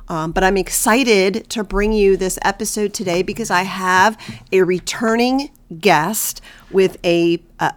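A woman hosting a faith-based podcast, her voice stuffy and nasal as she recovers from illness, earnest and halting with many fillers. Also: mid-range voice, clean tone. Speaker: podcast host.

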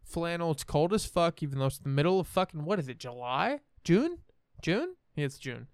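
A man's voice: fairly high pitch, quick pace, clear, resonant tone, no room sound, studio quality. A young man from the American Midwest, hosting a podcast and telling a story in a rambling, profane, self-assured way. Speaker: podcast host. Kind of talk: casual storytelling chat.

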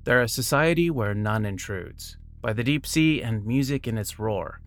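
A man's voice: medium pitch, expressive, moderate pace, fairly bright tone. A man reading short biographies and quotes aloud, breaking off now and then for casual asides and small self-corrections.

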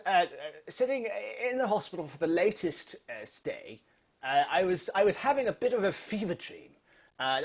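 A man's voice: a little high, slightly rough. A man playing a rambling, heavily medicated older film director, stammering and restarting constantly in a comedy interview. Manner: stammering, halting, full of restarts.

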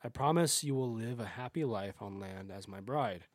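A man's voice: fairly low pitch, normal speed, no room sound, studio quality, close to an everyday voice. A man voicing a headstrong young fisherman in love, speaking in an earnest, pleading way.

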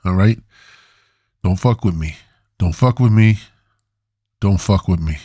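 A man's voice: low-pitched, a little slow, mellow, breathy edge, dry recording, studio quality. A man putting on a crude mobster Johnny Two Fingers. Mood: menacing. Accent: poorly done Italian. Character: crude threatening male mobster type.

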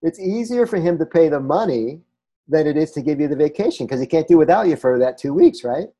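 A man's voice: a little high, lively intonation, fairly quick, warm tone. A man hosting an interview, enthusiastic and jokey with his guest. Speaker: host. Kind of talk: conversational interview.

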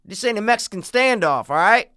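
A man's voice: high-pitched, lively intonation, fairly quick, bright, forceful tone, clear, resonant tone, voice pushed up. A man putting on a swaggering tough-guy soldier. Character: brash tough male soldier in a standoff.

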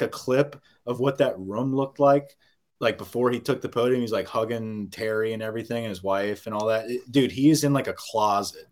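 Podcast co-host, man, profane and fired up, mid-pitched voice, casual sports talk. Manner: profane, animated, riled up.

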